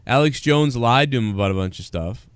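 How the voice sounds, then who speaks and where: A man's voice: mid-range voice, animated, brisk, no echo. A man hosting a live stream, chatting casually, rambling and swearing, and reading out viewer donations. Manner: rambling, profane, reads out donations. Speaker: show host.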